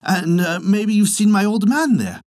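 A man's voice: high voice, expressive, a little slow, a little mellow, no room sound, clean studio sound, pitched above the performer's own voice. A man voicing a gullible, fussy old farmer's wife in a raised, fluttery voice. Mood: eager. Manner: exclaiming, doting.

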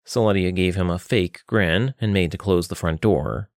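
A man narrating an audiobook with an expressive reading. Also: low voice, moderate pace, no echo, clean studio sound.

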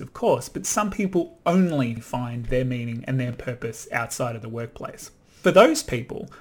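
Man, husky voice, career coach, motivational, direct, rhetorical questions. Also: mid-range voice. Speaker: career coach, podcast host. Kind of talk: motivational solo talk to camera.

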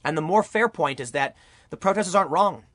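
A man's voice: on the high side, fairly quick, a bit bright, no room sound. A young man delivering an argumentative opinion monologue as a political commentary YouTuber, full of rhetorical questions.

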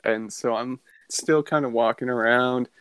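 Casual podcast co-host, male, mid-pitched, rambling storyteller, dry close sound. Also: fairly even intonation, a little slow, a bit bright, smooth, dry recording. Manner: rambling, laid-back, heavy swearing.

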